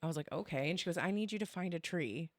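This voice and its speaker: A woman co-hosting a podcast, telling a story in casual chat, animated and quoting others as she goes. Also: fairly low pitch, quick pace, dry recording. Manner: animated, quotes others, swears and laughs. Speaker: podcast co-host.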